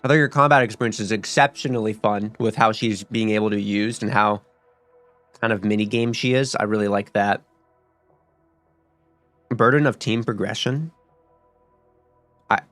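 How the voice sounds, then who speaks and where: A man's voice: on the low side, a bit bright, no echo. A young man giving casual, rambling commentary while playing a game, swearing often and restarting his sentences. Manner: rambling and profane, with many fillers and restarts. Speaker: gaming streamer.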